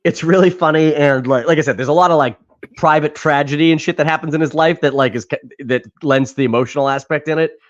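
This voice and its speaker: A fairly high-voiced man co-hosts a casual podcast chat, rambling along and laughing often as he talks. He swears casually. The sound is dull and lo-fi. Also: quick pace. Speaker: podcast co-host.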